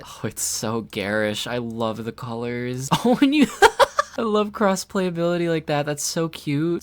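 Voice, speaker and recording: A woman's voice: a bass voice, vocal fry. A woman giving casual, chatty commentary on toy news, wry and gushing by turns.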